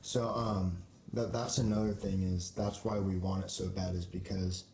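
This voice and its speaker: A man's voice: low voice, little pitch movement, moderate pace, gravelly, a little mellow. A young man from Portland, a band member speaking earnestly and hesitantly with many ums in an interview. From Portland, Oregon. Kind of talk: casual interview chat. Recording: echoey room with faint noise.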